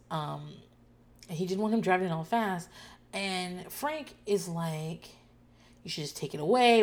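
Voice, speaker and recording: A woman host talking casually and loudly about a show, profane and animated, acting out people's lines in shouts. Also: fairly low pitch, creaky. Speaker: podcast host recapping a TV show. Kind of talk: casual chat.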